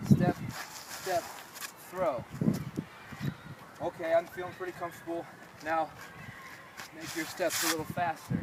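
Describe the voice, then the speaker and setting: Guy coaching discus outside, kinda high voice, lots of wind and noise, sounds far from the mic. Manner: patient, step-by-step, checks understanding. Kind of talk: outdoor coaching demonstration. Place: outdoor athletic field. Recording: distant voice in loud outdoor noise.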